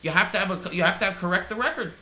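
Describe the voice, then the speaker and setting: A man's voice: sits high, very fast, pushed and bright, echoey room, poor audio. A man ranting in character in a comic monologue, rambling and stammering with mock-earnest indignation. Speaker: comedic caller in character.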